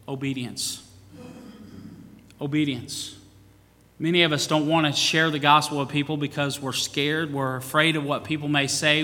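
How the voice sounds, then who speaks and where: Man, pastor, sermon, bright forceful voice, long church reverb. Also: a little high. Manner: preaching with rising emphasis and scripture quotes.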